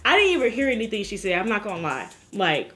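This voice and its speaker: A woman's voice: medium pitch, fast talker. A woman vlogger telling a personal story in a casual way, acting out her own cries and other people's lines. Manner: animated, acts out her own cries and quotes.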